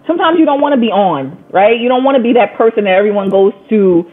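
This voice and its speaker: A woman's voice: fairly high pitch, animated, quick pace, husky. A woman guest on a podcast, telling her story in casual conversation and acting out the voices she quotes. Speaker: guest, coaching client. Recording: tinny phone-like line.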